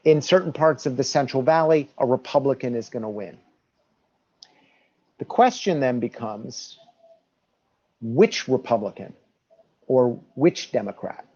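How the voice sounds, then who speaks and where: A man's voice: mid-range voice, animated, unhurried, pauses often, warm tone. A man being interviewed as a guest on a podcast, explaining his points emphatically and sometimes restarting his sentences. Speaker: guest, election reform advocate. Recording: dull lo-fi audio.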